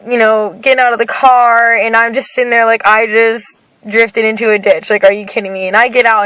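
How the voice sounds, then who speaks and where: A woman's voice: medium pitch, a bit bright, smooth, no room sound, rough recording. A young woman telling her personal faith testimony to the camera, hesitant and full of fillers, sounding nervous. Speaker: vlogger sharing her faith story.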